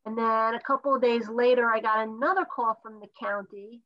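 A stuffy, tired woman chatting on a video call, her voice sitting a little high. She tells her story in a rambling way, restarting sentences as she goes. The sound is dull and lo-fi, like call audio. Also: fairly quick. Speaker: podcast co-host. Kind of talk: casual chat over video call.

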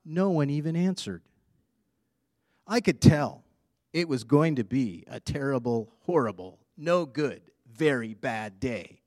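A man's voice: medium pitch, expressive, a little slow, a little mellow, no echo, clean studio sound, lightly acted. A man voicing a grumpy young boy who complains about his bad day, reading a storybook aloud.

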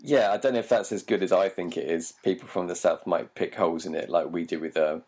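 A man's voice: low voice, quick pace, a little mellow, husky. A man from Britain co-hosting a film podcast, hesitant and laughing often as he talks. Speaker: podcast co-host. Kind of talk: casual chat.

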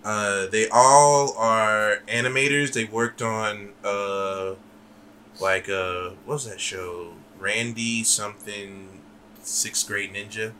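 A man's voice: lowish voice, fairly even intonation, slow pace, bright, forceful tone, a little hiss or hum. A man co-hosting a podcast in loose casual chat, joking around, rambling and swearing freely. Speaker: podcast co-host.

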